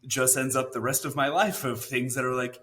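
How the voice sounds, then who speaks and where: A man of middling pitch talks as a guest on a podcast. He is self-deprecating and hesitant, leaning on fillers as he thinks aloud. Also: steady tone, a little fast, a bit bright, a little hiss or hum. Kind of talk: casual chat.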